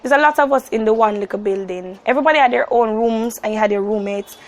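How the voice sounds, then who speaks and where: A young Jamaican woman of about nineteen telling a story to camera in a lively, casual way, slipping into Jamaican patois. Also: on the high side, fast. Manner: animated, slips into Jamaican patois. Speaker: vlogger.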